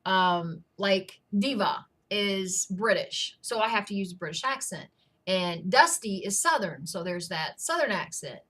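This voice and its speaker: Bright, chatty woman co-author. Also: medium pitch, lively intonation, unhurried. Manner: chatty, amused storyteller. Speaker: co-author answering reader questions. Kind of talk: casual Q&A chat.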